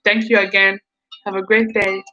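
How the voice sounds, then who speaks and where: A woman's voice: mid-range voice, flat delivery, normal speed, pushed and bright, lo-fi sound. A woman reading a children's novel aloud, enthusiastic, often stumbling and restarting lines. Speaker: reader. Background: background music.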